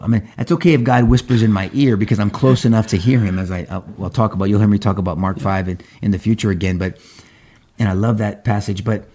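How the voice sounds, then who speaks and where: A man co-hosting a faith discussion podcast, telling stories in an animated way with frequent restarts. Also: fairly low pitch, quick pace, slight background noise. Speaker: podcast co-host.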